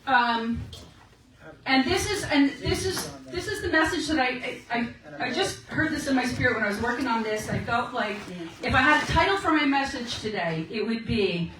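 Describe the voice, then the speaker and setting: A woman's voice: high-pitched, animated, normal speed, a crowd in the background. A woman in her sixties, a guest speaker at a meeting, telling stories in a chatty way, laughing often and checking in with "okay?". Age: 60s. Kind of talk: casual encouraging talk. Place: meeting room. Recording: very echoey room, recorded from far off.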